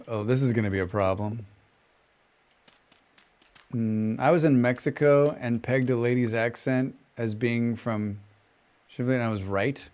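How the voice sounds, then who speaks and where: A man streaming a game, talking in a relaxed, rambling way with a flat General American accent. His voice is smooth and clean, sitting at an ordinary middle pitch. Between thoughts he hums and scats little tunes to himself. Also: a little slow, long pauses. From western United States. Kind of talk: casual chat while gaming and reading chat.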